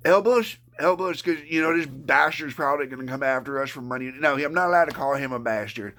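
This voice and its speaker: A man's voice: mid-range voice, fairly quick, hardly any pauses, sharp tone. A man on a live stream ranting with profanity and mockery, sometimes talking about himself in the third person. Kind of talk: angry live-stream rant.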